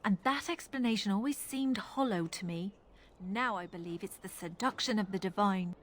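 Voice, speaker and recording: A woman voicing a pious, thoughtful chantry relic curator in a fantasy video game, speaking in an earnest, measured way with an Irish accent. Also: a little high, lightly acted.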